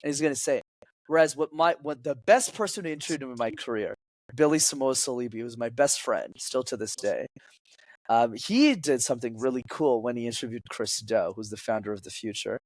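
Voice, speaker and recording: Man, public speaking coach, podcast guest, animated, acts out quotes, dry sound. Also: mid-range voice, no room sound.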